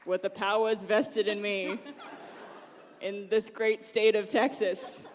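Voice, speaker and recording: A woman's voice: mid-range voice, level tone, slow pace. A woman hosting a live convention panel, teasing and joking on stage. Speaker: panel host. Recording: live hall with reverb, crowd noise.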